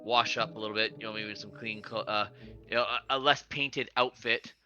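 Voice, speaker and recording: A man's voice: fairly low pitch, fairly even intonation, normal speed, pushed and bright, muffled recording, soft background music. A man playing a tabletop game, talking in a hesitant way full of ums. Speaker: player. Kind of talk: casual tabletop play.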